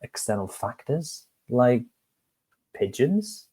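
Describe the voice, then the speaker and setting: A man's voice: fairly low pitch, unhurried, dark tone, slightly rough. Man doing a jolly, naive baker. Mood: puzzled.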